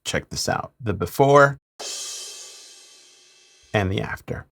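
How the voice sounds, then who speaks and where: A man, a mix engineer, talking through a mixing tutorial in a relaxed way with playful asides. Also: on the low side, slow, creaky, faint music behind.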